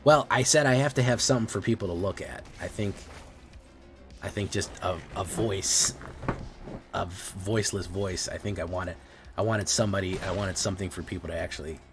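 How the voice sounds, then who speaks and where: A man's voice: deep voice, moderate pace, soft background music. A man streaming a card game, casually commenting on plays and teasing his chat in a playful way. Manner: playful, teasing, talks to viewers.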